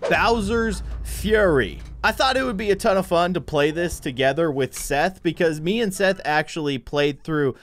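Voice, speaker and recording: A man hosting a gaming video, giving excitable, jokey play-by-play commentary and exclaiming often. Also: on the high side, moderate pace, few pauses, a little hiss or hum. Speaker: YouTube gaming host. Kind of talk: gameplay commentary.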